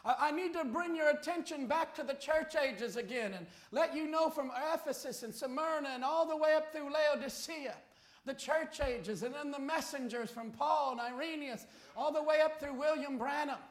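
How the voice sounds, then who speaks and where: A man preaching a sermon, telling a story and rising to shouted appeals. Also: very high voice, normal speed. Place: church. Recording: echoey church hall.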